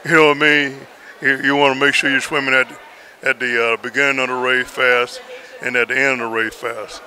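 Halting swim coach with a bright voice. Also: male voice, mid-range voice, level tone, slight background noise. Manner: plain, halting with many pauses. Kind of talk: casual interview. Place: airport arrivals area.

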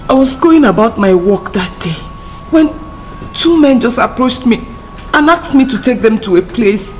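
An actress playing a distressed young woman held by the police who pleads in anguish. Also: a little high.

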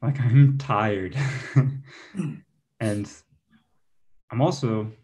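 A man's voice: lowish voice, drawn-out words, a little mellow. A young man doing a self-deprecating stand-up comedy set for an online show, chuckling between his jokes. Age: young adult. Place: online show, home setup.

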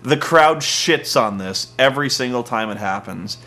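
A man hosting a comedic wrestling recap, sarcastic and profane with deadpan jokes. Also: mid-range voice, moderate pace. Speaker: podcast host.

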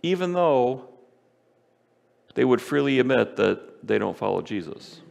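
A man preaching a sermon as pastor, emphatic, repeating key phrases and slowing down for stress. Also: mid-range voice, very animated, vocal fry, a little mellow. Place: church sanctuary. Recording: church hall with long reverb.

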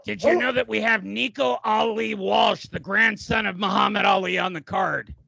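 A man's voice: high voice, steady tone, normal speed, gravelly, pushed and bright, no room sound, lo-fi sound, exaggerated voice. A man doing a comic impression of a crude old male boxing promoter with a put-on New York accent, rambling and self-mocking. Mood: mock-formal. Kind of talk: comic impression on a sports radio show.

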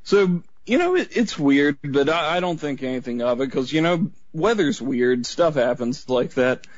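Man, caller, casual, rambling, mid pitch, dull dry lo-fi sound. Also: animated, moderate pace, no room sound. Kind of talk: telling a story on call-in radio.

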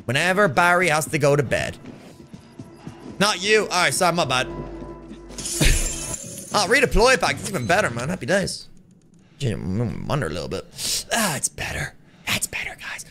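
A man's voice: a little high, very animated, moderate pace, pauses often, soft background music. A man with an Irish accent, live-streaming a shooter game and joking and swearing as he reads chat aloud. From Ireland. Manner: loud, joking, swears freely, shouts at the game.

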